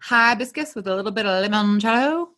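A woman's voice: mid-range voice, quick pace, bright, forceful tone. A woman hosting a podcast, mixing casual chat with a scripted story told in a playful, jokey way. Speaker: podcast host.

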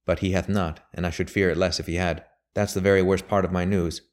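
A shrewd elderly lawyer with a very deep, grave voice, read by a man. He talks in measured, emphatic sentences. He sounds bitter and certain. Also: flat delivery, lightly acted. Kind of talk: audiobook character voice.

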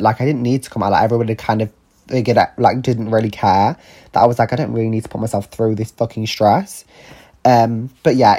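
Here a young adult podcast host, speaking on the low side with a slightly rough, somewhat mellow quality, shares a story from his own life. The monologue is loose and honest, full of fillers and a few swears.

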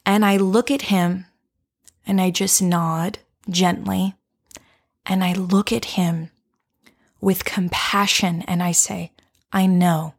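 A woman coach telling a personal story and guiding listeners to reflect, speaking softly and slowly and often dropping to a whisper. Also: on the low side, little pitch movement, breathy edge.

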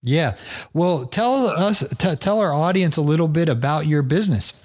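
A man's voice: a little high, expressive, normal speed, a little mellow. A man hosting a podcast, talking in a loose, friendly and teasing way, full of fillers and restarts. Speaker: podcast host. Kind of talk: casual podcast chat. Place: in Georgia.

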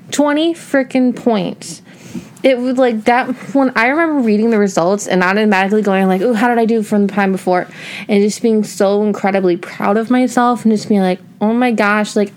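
A woman's voice: medium pitch, darkish tone. A woman in her thirties from Northeast Ohio, hosting a solo podcast in a chatty, casual way, with lots of filler words and emphatic asides. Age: 30s. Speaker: podcast host.

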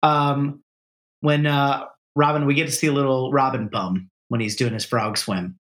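A man's voice: mid-range voice, moderate pace. A man co-hosting a casual movie discussion, often breaking into quoted lines. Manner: animated, quotes movie lines in mock voices. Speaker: podcast co-host.

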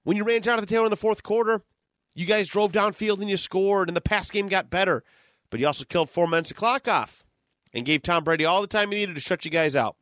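A sports podcast co-host, a man with a fairly high voice, rants in frustration with plenty of swearing. He sounds close and dry, with no room around him. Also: quick pace, a bit bright, dry recording. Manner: frustrated ranting, profane. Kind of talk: casual sports podcast chat.

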